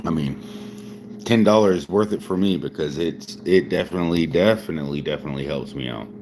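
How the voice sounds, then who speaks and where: Deep-voiced rambling man in his forties. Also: fairly quick, noisy background. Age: 40s. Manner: rambling, laughs often, repeats words. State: drinking whiskey while talking. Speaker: live streamer. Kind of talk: casual live-stream chat.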